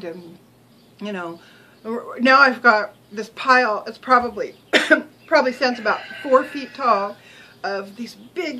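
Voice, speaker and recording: A woman's voice: mid-range voice, pushed and bright, slight background noise, low-quality recording. An older woman vlogging in a rambling, chatty way, with many ums and restarts, sometimes talking while she chews. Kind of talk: casual chat to camera.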